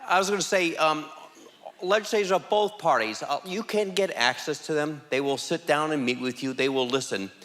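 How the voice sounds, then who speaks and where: A man's voice: fairly high pitch, normal speed, fairly bright tone. A man on a church panel, a former legislator, speaking forthrightly and with emphasis. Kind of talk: panel talk. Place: large church hall, live audience. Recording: long hall reverb.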